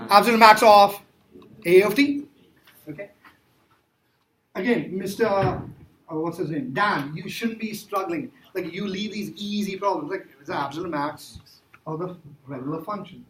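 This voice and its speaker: Working through problems in a calculus lecture, a male math teacher quizzes his students, emphatic and repetitive. His voice sits high and a bit bright, at a moderate pace with frequent pauses, recorded in an echoey classroom with faint noise.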